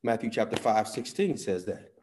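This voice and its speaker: Lively preaching man, low voice. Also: normal speed, a little hiss or hum. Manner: lively preaching with call-and-response and sudden swings between loud and hushed; folksy talk with "y'all" and "ain't". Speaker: pastor. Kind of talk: sermon.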